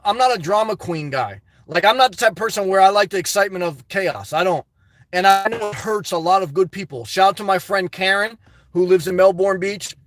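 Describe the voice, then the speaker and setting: High-voiced, joking male live-streamer. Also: no room sound. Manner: joking, laughs often, fillers like "man" and "guys". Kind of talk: rambling live-stream chat, reading comments. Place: inside a parked car.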